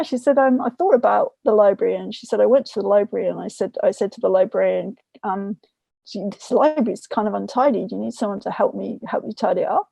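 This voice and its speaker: A woman's voice: mid-range voice, vocal fry, mellow, no room sound. A woman, a parent, chatting casually as a podcast guest and retelling a story from home with quoted voices. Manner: many fillers and restarts. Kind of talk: casual conversation.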